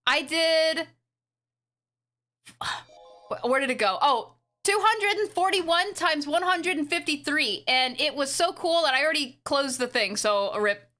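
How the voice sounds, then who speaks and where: A woman streaming live, chatting casually to her viewers in an excitable, rambling way with frequent giggles. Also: sits high, a little slow. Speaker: streamer and animator. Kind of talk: casual livestream chat.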